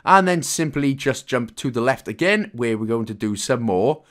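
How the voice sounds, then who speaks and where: Welsh-accented young man, game guide host, jokey and rambling, animated sing-song delivery. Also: medium pitch, normal speed. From Wales. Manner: chatty, jokey, loose with asides and fillers. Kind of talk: casual gameplay walkthrough commentary.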